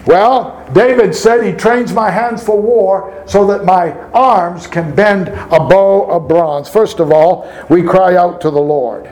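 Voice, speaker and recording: A man's voice: sits high, slow pace, hardly any pauses, darkish tone, poor audio. A man pastor preaching a sermon, reading scripture aloud and asking the congregation rhetorical questions.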